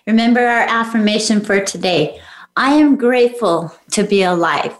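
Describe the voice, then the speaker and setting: A woman's voice: a little high, roomy sound. A middle-aged woman hosting a motivational podcast, encouraging listeners with direct questions. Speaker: podcast host.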